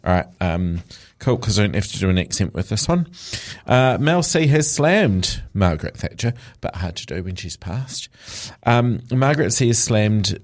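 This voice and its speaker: A man's voice: on the low side, expressive, moderate pace. Joking man reading celebrity news. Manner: chatty, joking asides, stumbles while reading. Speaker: radio host. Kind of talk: casual show chat reading news.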